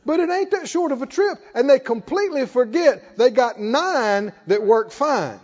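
A man's voice: very high-pitched, lively intonation, moderate pace, a little mellow. A man preaching a sermon in a folksy way, calling out to the congregation. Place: church hall. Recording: muffled hall reverb.

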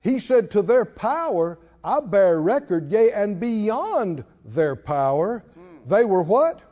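A man's voice: high-pitched, sing-song, takes it slowly, dark tone, in a large hall, dull audio. A man preaching a sermon, emphatic and calling out to the congregation. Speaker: pastor.

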